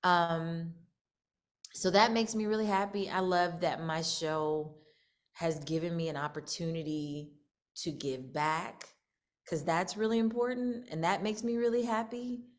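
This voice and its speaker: A woman's voice: fairly low pitch, fairly even intonation, a little slow. A woman, a singer and show producer, talking candidly in an interview, reflective, with many fillers and restarts.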